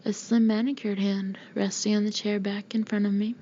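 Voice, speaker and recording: A woman's voice: mid-range voice, level tone, moderate pace, dark tone, slight background noise. A woman narrating a first-person audiobook in an intimate, often half-whispered way, on a slightly dull recording.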